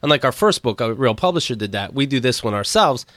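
A man chatting on a comedy podcast, his voice bright and forward, swinging up and down as he tells stories. He often slips into an impression of his dad. The sound is dry and close to the mic. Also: mid-range voice, lively intonation, quick pace, no echo. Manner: storytelling, mimics his dad, laughs often. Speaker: podcast co-host. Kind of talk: casual comedic chat.

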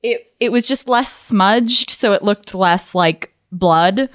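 A woman's voice: mid-range voice, slow pace. Teasing woman podcast co-host. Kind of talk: casual comedic chat.

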